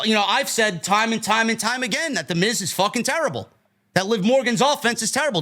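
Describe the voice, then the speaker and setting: A man with a New York accent hosting a podcast, ranting angrily and profanely, his voice climbing toward shouts. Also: very high-pitched. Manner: angry, profane, rising to shouts. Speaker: podcast host. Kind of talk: heated podcast rant.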